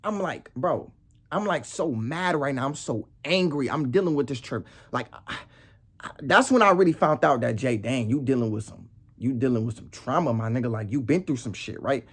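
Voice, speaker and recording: Young male vlogger, husky voice, heated slang-heavy rant. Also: medium pitch, expressive, normal speed. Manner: heated street slang, repeats "bro" and "nigga". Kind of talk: casual storytelling rant.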